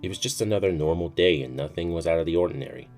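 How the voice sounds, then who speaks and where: Deep voiced guy doing a storytime vid, chill, swears a lot. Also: rapid-fire, darkish tone. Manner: casual, swears freely. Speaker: storytime youtuber. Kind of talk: casual storytelling. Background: faint music.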